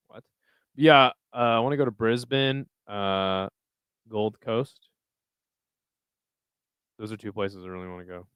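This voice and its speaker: A young man hosts a casual live chat, rambling loosely with plenty of swearing. His voice is smooth and clean, set at an ordinary middle pitch. It sits dry and close, with no room around it. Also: expressive, a little slow, long pauses, fairly bright tone, dry recording. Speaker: livestream host reading chat.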